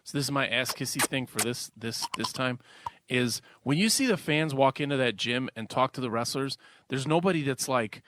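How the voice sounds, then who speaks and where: A man co-hosting a wrestling podcast in a studio, chatting casually with a stutter and frequent halting restarts. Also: medium pitch, expressive, background noise. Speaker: podcast co-host. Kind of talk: casual chat.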